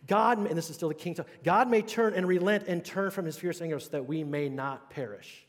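Male preacher with a fairly high voice, casual conversational sermon, lots of questions to the room, long church reverb. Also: a little fast. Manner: conversational, checks in with the congregation. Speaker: pastor. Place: church sanctuary.

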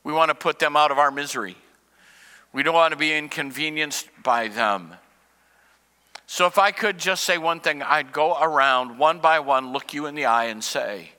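Impassioned high-voiced male preacher in a hall. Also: moderate pace, smooth. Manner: impassioned preaching, swings between loud high cries and hushed low asides. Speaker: pastor. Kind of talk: sermon.

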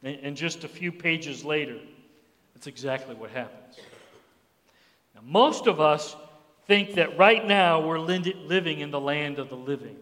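A male pastor preaching a sermon who acts out Bible voices with sudden jumps in pitch. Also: expressive, measured pace, fairly bright tone. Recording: long hall reverb.

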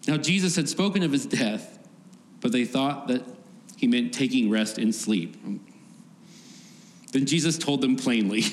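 A man's voice: mid-range voice, lively intonation, measured pace, long pauses. A man giving a conversational sermon, often laughing and acting out voices from the story. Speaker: preacher. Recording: faint background noise, long hall reverb.

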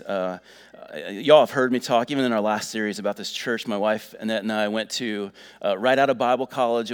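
A man's voice: lowish voice, clear, resonant tone. A middle-aged man preaching a sermon in a folksy, earnest way, full of fillers. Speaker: pastor.

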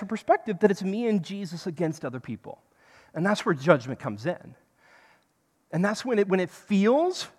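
Lively preacher, swooping pitch, conversational sermon, keeps checking in with listeners, long hall reverb. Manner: animated, often checks in with the listeners.

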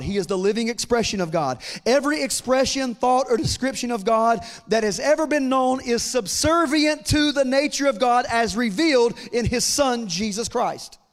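A man preaching an impassioned sermon, acting out biblical dialogue in casual voices and building to near-shouting peaks. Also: high-pitched. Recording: long hall reverb.

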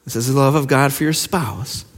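A male pastor preaching a sermon with passion, firing rhetorical questions and dropping to hushed lines. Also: medium pitch, normal speed. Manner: impassioned, with rhetorical questions and sudden hushed drops. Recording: long reverb of a large hall.

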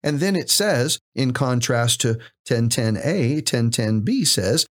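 A man's voice: medium pitch, expressive, takes it slowly, hardly any pauses. A man co-hosting a podcast, teaching from scripture in an emphatic, conversational way and asking rhetorical questions. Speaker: podcast co-host and preacher.

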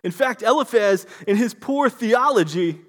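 Impassioned male preacher, high-pitched, rhetorical. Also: lively intonation, unhurried, a bit bright. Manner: impassioned, rhetorical, repeats himself. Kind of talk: sermon.

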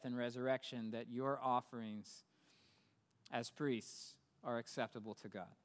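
A man preaching a sermon as pastor, talking conversationally and building to emphatic peaks. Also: mid-range voice. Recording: long hall reverb.

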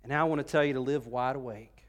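A middle-aged man preaching a sermon, moving between loud emphatic bursts and soft, close passages. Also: medium pitch, fairly even intonation, fast. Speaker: pastor.

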